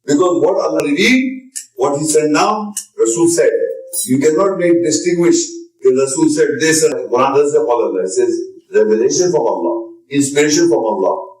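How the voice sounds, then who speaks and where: A man's voice: on the high side, animated, normal speed, darkish tone. Insistent man lecturing in an echoey room. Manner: insistent, repetitive, emphatic. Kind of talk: religious lecture with audience questions. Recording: echoey room, distant mic.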